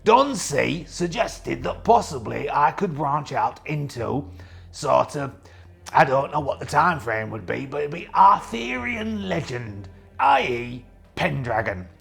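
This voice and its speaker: A man's voice: fairly high pitch, big pitch swings, slow, vocal fry, faint music behind, exaggerated voice. A man playing a young, boastful pirate captain who rambles as he runs a solo tabletop game and answers his own questions. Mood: jovial. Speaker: host and solo game player.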